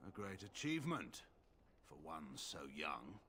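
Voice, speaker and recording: A stern, guarded general in a fantasy video game. He talks in a cool, measured, faintly condescending way, a little low in pitch, with light hiss behind him. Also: sing-song, sharp tone, full character voice. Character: stern, guarded middle-aged man, royal general.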